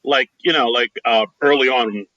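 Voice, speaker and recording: Bright dry-voiced man, halting co-host. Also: medium pitch, no room sound, muffled recording. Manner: loose, halting, heavy use of "like" and "dude". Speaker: podcast co-host. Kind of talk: casual podcast chat.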